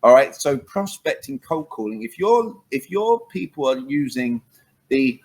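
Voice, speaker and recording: A man's voice: mid-range voice, normal speed, low-quality recording. A man, a communication coach, talking animatedly in an interview and acting out phone calls. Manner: lively, acts out phone calls, emphatic. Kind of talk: animated interview talk with acted examples.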